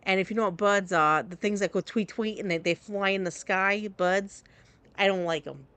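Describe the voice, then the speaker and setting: A chatty streamer, a woman whose voice sits at an ordinary middle pitch. She talks to her chat in a loose, candid ramble, circling back and restarting her thoughts as she plays. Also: a little fast, a bit bright. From New Jersey. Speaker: game streamer. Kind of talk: casual live-stream chat.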